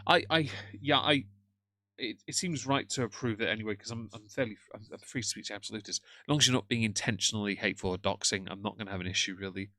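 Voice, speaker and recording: A man's voice: on the low side, quick pace, bright, forceful tone, no echo. A man hosting a live stream, talking casually and mockingly to his viewers and greeting chat. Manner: sardonic, mocking, chatty asides to viewers. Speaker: livestream host. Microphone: headphones on, moderating chat from a phone.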